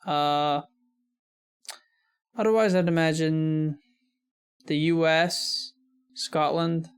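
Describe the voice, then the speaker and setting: A man's voice: a little high, steady tone, drawn-out words, smooth. An American man hosting a reaction video, talking casually and rambling with many fillers. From United States.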